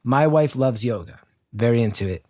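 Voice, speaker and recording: Profane, animated man over a video call. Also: mid-range voice, moderate pace, dry recording, studio quality. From North Jersey, United States. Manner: animated, profane, self-deprecating storytelling. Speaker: guest storyteller. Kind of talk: casual anecdote told on a video call.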